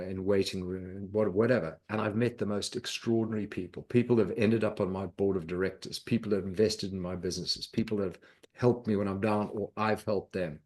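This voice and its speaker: Brief: middle-aged man, low voice, animated storyteller on a podcast. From South Africa. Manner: lively anecdotal storyteller, acts out quoted voices. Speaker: podcast guest, investor.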